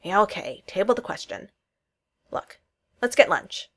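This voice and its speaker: A woman's voice: medium pitch, lively intonation, measured pace, gravelly. A woman reading as brash, teasing political aide man. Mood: boisterous. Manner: boisterous, joking, then suddenly intense.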